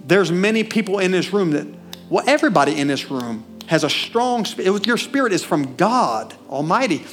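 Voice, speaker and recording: A man preaching a sermon in a church with a Southern US accent, animated, questioning the congregation and swinging between loud and hushed. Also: high-pitched, normal speed, faint music behind. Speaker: pastor.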